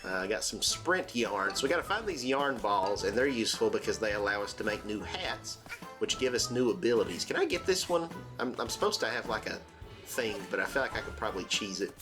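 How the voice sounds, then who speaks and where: A man hosting a let's-play, talking in a rambling, jokey way with many fillers and sudden squeaky exclamations. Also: animated, a little fast. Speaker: gaming channel host. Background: game music.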